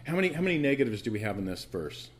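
A man's voice: mid-range voice, big pitch swings, racing. A man pastor preaching a sermon, emphatic and questioning the congregation as he teaches from scripture.

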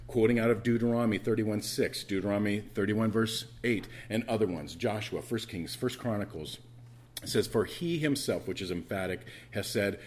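Low-voiced man preaching a conversational sermon. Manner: conversational preaching with repetitions and emphatic rises. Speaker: pastor.

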